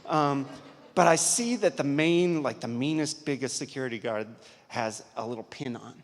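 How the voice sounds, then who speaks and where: A man's voice: medium pitch, normal speed. Male reporter spinning an anecdote for a crowd; echoey convention hall. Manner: lively anecdotal storyteller, reads aloud then chats. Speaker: investigative reporter. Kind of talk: conference talk with storytelling.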